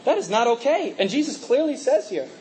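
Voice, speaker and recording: A man's voice: very high voice, big pitch swings, fairly quick, a little mellow, low-quality recording. A young man preaching a conversational sermon, full of rhetorical questions and laughing asides, with a mixed accent. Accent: mixed, from working in a multinational office.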